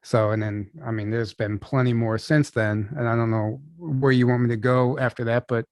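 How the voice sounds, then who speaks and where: A young adult man telling a personal story as an interview guest over a video call, casual and halting, full of restarts and "like". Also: mid-range voice, fairly even intonation, a little mellow, dry recording.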